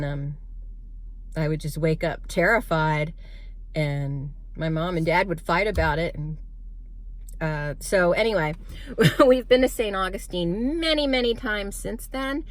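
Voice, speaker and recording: A woman's voice: fairly low pitch, takes it slowly, dry recording. A woman telling a spooky personal story in a casual vlog, rambling with many fillers and restarts.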